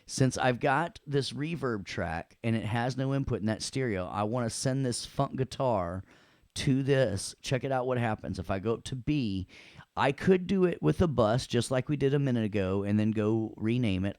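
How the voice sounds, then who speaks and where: A man teaching audio production in a playful, joking way, walking through a software demo. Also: medium pitch, moderate pace, no room sound. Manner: playful, joking, repeats "check it out". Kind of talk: live software demo lecture.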